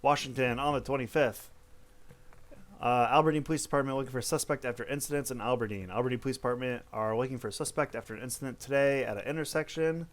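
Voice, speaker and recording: A man's voice: mid-range voice, fast talker. A man hosting, reading news stories aloud with blunt, offhand asides and some cursing. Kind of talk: casual news read-through with commentary.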